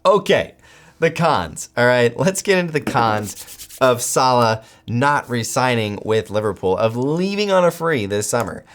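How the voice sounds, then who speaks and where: An American man hosting a football channel, giving solo commentary with animated, incredulous outbursts. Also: medium pitch, unhurried.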